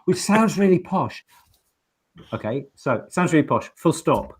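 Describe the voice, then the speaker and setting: A man co-hosting a pet-health show, wryly describing cheap wine in a halting, joking way. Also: on the high side, big pitch swings, breathy edge. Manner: wry, halting storyteller. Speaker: vet co-host of a live pet-health show. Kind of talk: casual banter over drinks.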